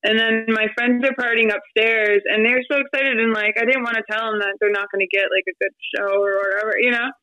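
Bright, high-voiced woman telling stories. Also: a little fast, few pauses, highs cut off. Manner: chatty, animated, many fillers and quoted asides. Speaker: podcast guest. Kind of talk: casual storytelling interview.

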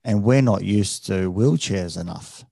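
A man's voice: sits low, a little slow, vocal fry, mellow, no echo, clean studio sound. A man hosting a podcast, reflective and thoughtful, often restarting and hesitating as he talks things through. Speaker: podcast host. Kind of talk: reflective conversational interviewing.

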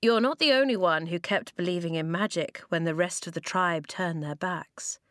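Woman reading as a slow, steady tribe leader. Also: lowish voice, dry recording, clean studio sound, lightly acted. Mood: urgent, firm. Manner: slow, measured speech. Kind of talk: storybook reading.

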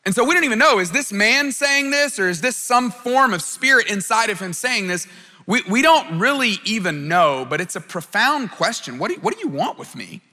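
A man preaching a sermon, earnest and direct, who stumbles and repeats his words when he restarts a thought. His voice sits high and sounds bright and forceful. It carries a long reverb from a large hall. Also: lively intonation, moderate pace. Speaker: pastor.

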